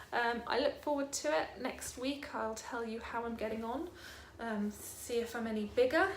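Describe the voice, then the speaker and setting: A woman's voice: on the high side, a little hiss or hum. A young British woman vlogging in casual chat at home, rambling and hesitant, with many ums. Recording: echoey room.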